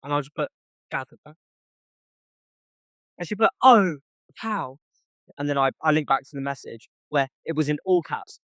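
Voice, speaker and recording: A young podcast co-host tells a story in casual chat, reading text messages aloud and swearing a lot. His voice is a little high and fairly bright, his delivery brisk with long pauses, and there's no echo.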